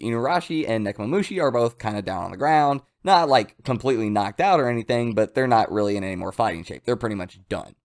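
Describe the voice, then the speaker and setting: A man giving casual, excitable commentary as a comics reviewer. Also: medium pitch. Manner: excitable, animated, hyped. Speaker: manga reviewer.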